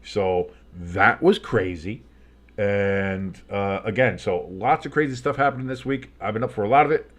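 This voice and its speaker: A man's voice: lowish voice, moderate pace. Tired man calling football play-by-play. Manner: loose, rambling chatter between excited play calls. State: tired and sleepy, yawning. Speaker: play-by-play streamer and show host. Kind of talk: live play-by-play commentary with reactions.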